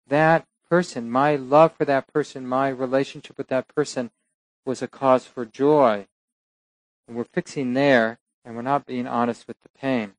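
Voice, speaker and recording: A man giving a relaxed dharma talk, telling a teaching story with soft asides and small laughs. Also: mid-range voice, dry recording, poor audio.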